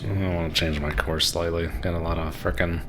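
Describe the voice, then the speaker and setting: A streamer with a very deep voice chats his way through a naval game, laughing often and muttering to himself. Faint music plays under his talk. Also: little pitch movement, a little fast. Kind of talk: casual gameplay commentary.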